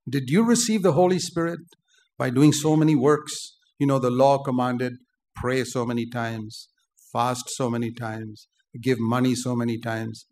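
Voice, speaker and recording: An older man preaching a sermon, forceful and emphatic, rising to loud outbursts. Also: mid-range voice, steady tone, normal speed.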